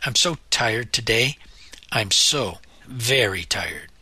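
A man's voice: a little high, sing-song, a little slow, sharp tone, husky, no room sound, voice pushed up, full character voice. A man voicing a tired, unwell mother who pleads wearily with her children. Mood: weary. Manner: weary, pleading.

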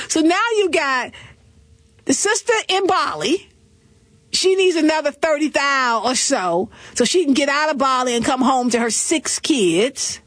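A woman hosting a talk show, riffing through celebrity gossip with sassy, animated commentary and quick laughs. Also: high-pitched, no room sound. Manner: animated, sassy storytelling with laughs and mock voices.

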